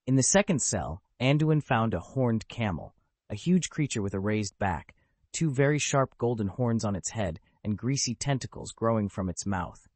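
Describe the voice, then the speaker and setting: A man's voice: lowish voice, expressive, normal speed, a little mellow, no room sound. A man narrating a web novel as an audiobook, telling the story steadily.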